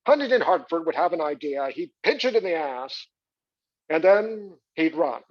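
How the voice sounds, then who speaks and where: A man's voice: fairly high pitch, sing-song, moderate pace. An actor playing a wealthy, boastful male arts patron in a theatrical monologue. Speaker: actor in a one-man stage play. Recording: dull lo-fi recording.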